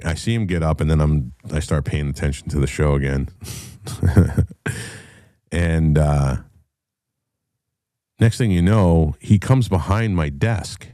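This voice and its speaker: A man's voice: rumbling low, mellow, no echo, clean studio sound. A man hosting a show, telling a story in a blunt, profane, casual way. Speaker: podcast host.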